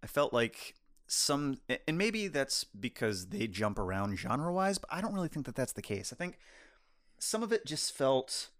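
A young adult man co-hosting a podcast, reacting in an animated, easily amused way in casual chat. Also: mid-range voice, normal speed. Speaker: podcast co-host.

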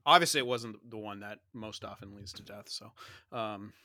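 Dude chatting hockey with pals, bright voice, dry close sound, jokey and long-winded. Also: male voice, on the low side, moderate pace, no echo. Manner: joking, explains at length. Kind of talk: casual sports chat.

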